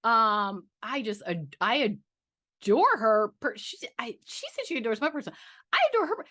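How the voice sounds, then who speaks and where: A woman's voice: fairly high pitch, big pitch swings, normal speed, pushed and bright, dry recording, clean studio sound. A woman vlogging about her budget in a chatty, gushing way, trailing off and restarting as she talks to her viewers. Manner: chatty and gushing, trailing off, with playful sung interjections. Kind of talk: casual chat to camera.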